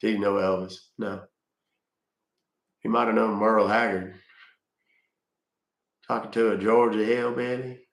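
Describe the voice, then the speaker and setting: Middle-aged Texan livestream host, gravelly, blunt Q&A with dry humor, echoey room. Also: male voice, lowish voice, flat delivery, unhurried, long pauses. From Texas. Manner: reads viewer questions aloud and answers bluntly, dry jokes. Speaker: livestream host answering chat. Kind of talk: casual livestream chat.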